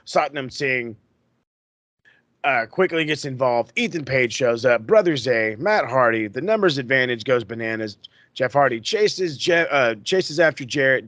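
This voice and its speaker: A man hosting a podcast, recapping in a casual, excitable, profane way that rambles. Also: medium pitch, dry recording. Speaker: podcast host.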